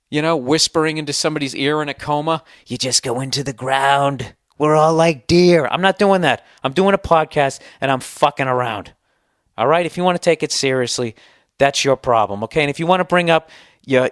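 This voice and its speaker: In clean studio audio with no echo, a U.S. podcast host delivers a comedic rant full of sarcasm, profanity and exasperation. He has a medium-pitched, slightly bright voice.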